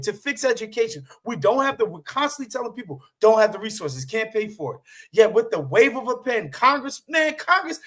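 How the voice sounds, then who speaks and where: Animated man ranting casually. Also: high voice. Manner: animated, profane, many fillers. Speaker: podcast host. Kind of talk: casual political commentary.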